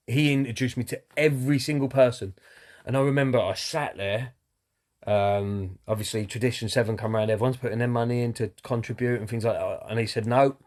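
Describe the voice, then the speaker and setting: A man's voice: mid-range voice, darkish tone. A man talking openly about his recovery, earnest and candid, with many fillers and some swearing. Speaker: person in recovery sharing his story. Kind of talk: personal talk to camera.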